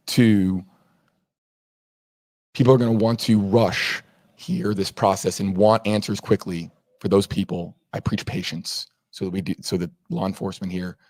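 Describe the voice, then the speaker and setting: A man's voice: sits low, a little mellow. A man making an earnest press statement, speaking off the cuff and sometimes repeating himself as he urges patience.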